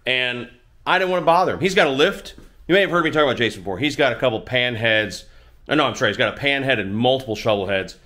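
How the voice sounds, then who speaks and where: A middle-aged man speaks at an ordinary mid pitch, chatting casually from his home garage. He tells a long, rambling story and pokes fun at himself as he goes. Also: animated, fast talker, sharp tone. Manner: self-deprecating, rambling. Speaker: motorcycle channel host.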